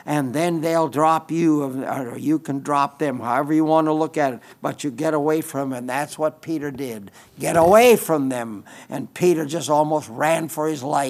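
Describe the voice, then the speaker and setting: A man's voice: on the high side, gravelly. A man preaching a sermon in an earnest way, often repeating phrases for emphasis.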